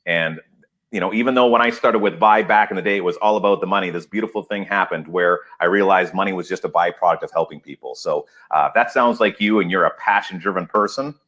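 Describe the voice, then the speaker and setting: A man speaking as a podcast guest, excited and emphatic, laughing often as he talks. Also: on the low side. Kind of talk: enthusiastic podcast interview.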